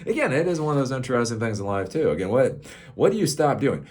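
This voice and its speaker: A man's voice: medium pitch, very animated, a little fast, darkish tone. A middle-aged man hosting a casual, rambling tech commentary show, sarcastic and laughing at his own jokes.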